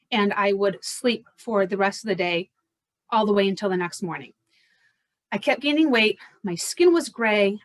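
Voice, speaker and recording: A woman in her forties, a fibromyalgia coach, telling her own story and pitching her coaching in an earnest, direct way. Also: no room sound. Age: 40s. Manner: earnest, direct, listing points steadily.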